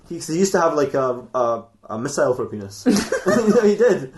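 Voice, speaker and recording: A man's voice: on the high side, sing-song, a little fast, hardly any pauses, a little mellow, echoey room, slight background noise. A man hosting a comedy podcast, improvising a rambling story with frequent laughs and restarts.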